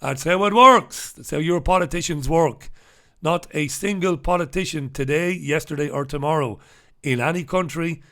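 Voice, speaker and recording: A man's voice: on the high side, gravelly, fairly bright tone. A man hosting a newspaper review, ranting in a sarcastic, profane, opinionated way. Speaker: host.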